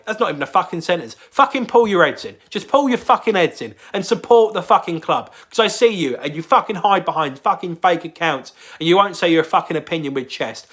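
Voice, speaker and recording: A man's voice: on the high side, a bit bright. A young man giving an angry, swear-heavy football fan rant straight to camera.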